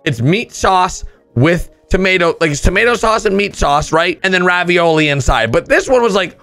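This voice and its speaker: A young man with a very high, gravelly voice hosts a comedic reaction vlog. His pitch swings widely as he jokes and exaggerates, and he sometimes bursts into shouts. Faint music plays behind him. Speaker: YouTube reaction host. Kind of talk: casual comedic commentary on photos.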